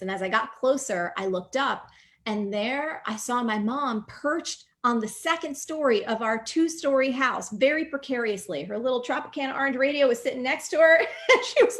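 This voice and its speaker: A woman in her forties from New Jersey, a guest speaker telling a personal story in a lively, chatty way. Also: medium pitch. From New Jersey, USA. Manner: animated, vivid storyteller, chatty with fillers.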